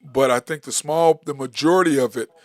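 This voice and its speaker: On a casual sports talk show, the middle-aged host speaks briskly at medium pitch, recorded in a clean studio without echo. He's an emphatic storyteller who keeps circling back to repeat his points.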